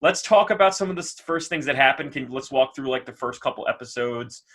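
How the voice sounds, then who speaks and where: A man's voice: medium pitch, a little fast, a bit bright. A man co-hosting a podcast, chatting about an anime, laughing easily and tripping over repeated words and fillers. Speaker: podcast co-host. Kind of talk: casual anime discussion.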